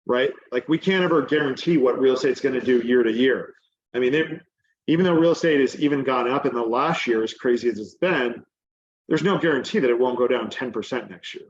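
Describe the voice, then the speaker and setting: A man's voice: medium pitch, dull audio. A man giving a casual teaching presentation as a guest speaker, talking in a chatty way full of "like" and "um". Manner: chatty, many fillers like "like" and "um". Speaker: guest presenter on real estate exchanges.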